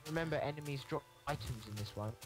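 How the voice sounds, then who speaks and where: A man's voice: on the high side, fast talker, music in the background. A man playing a video game with friends, chatting casually and exclaiming often. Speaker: gamer. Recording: noisy home recording.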